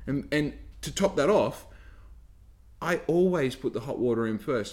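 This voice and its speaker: A man's voice: mid-range voice, lively intonation, measured pace, a little mellow. A man ranting in a heated, sweary monologue, firing off rhetorical questions about coffee. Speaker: content creator, former barista.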